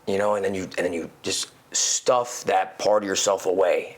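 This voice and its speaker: A man talking as a podcast guest in casual conversation, animated and swearing casually, peppering his talk with "you know". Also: sits low, normal speed, hardly any pauses. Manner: animated, acts out quoted inner voices.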